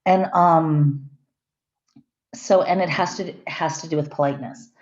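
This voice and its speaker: The audio is a dull, echoey, lo-fi room recording of a middle-aged woman teaching a class. She lectures conversationally and checks on her students in a deep, slightly mellow voice, unhurried and fairly even in intonation.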